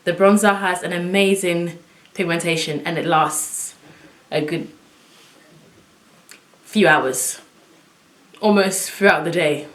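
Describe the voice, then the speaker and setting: A woman's voice: on the low side, slow pace, long pauses. Chatty woman in an echoey room. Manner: chatty, excitable, talks to viewers while working. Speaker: beauty vlogger. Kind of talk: casual makeup tutorial.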